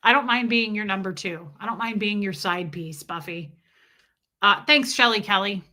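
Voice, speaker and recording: A woman's voice: mid-range voice, moderate pace, bright, forceful tone. A woman hosting a live stream, chatting casually and answering viewers' comments one by one in an affectionate way. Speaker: livestream host reading chat.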